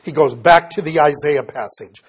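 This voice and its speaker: A man's voice: fairly high pitch, normal speed, breathy edge. A man teaching a Bible study lesson, reading scripture passages aloud and explaining them plainly, often correcting himself as he goes.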